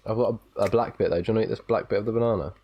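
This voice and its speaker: Wry low-voiced man. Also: rapid-fire, mellow, no echo, muffled recording. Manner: wry, teasing, laughs often. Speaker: podcast co-host. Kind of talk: casual film chat.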